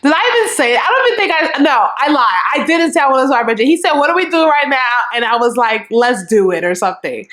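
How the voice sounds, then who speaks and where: Frank, animated woman vlogger telling a story. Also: high-pitched, fast talker, few pauses. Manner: animated, frank and profane, acts out quotes. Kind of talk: casual storytime.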